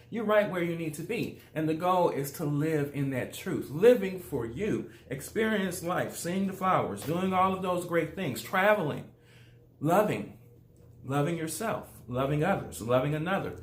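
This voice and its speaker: A man's voice: fairly high pitch, roomy sound. A man from Louisiana with a Southern accent, hosting his life coaching channel in an upbeat, casual motivational talk that uses a lot of repetition. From Louisiana, USA.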